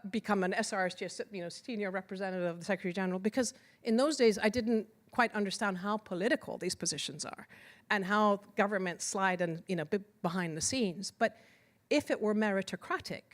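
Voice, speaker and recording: A middle-aged woman from Iran giving an earnest, personal storytelling talk at a symposium, often pausing and restarting her sentences. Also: mid-range voice. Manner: earnest, halting with restarts and fillers. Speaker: symposium speaker.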